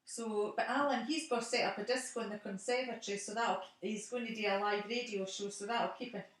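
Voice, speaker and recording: A woman's voice: on the high side, steady tone, brisk, heavy reverb, far from the mic. A middle-aged woman with a Scottish accent, chatting casually on the phone at home and laughing often.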